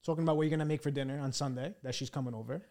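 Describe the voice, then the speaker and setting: A man's voice: mid-range voice, steady tone, racing, darkish tone. A man co-hosting a casual podcast, playfully teasing his guest and setting up scenarios. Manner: playful, sets up scenarios and teases. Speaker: podcast co-host.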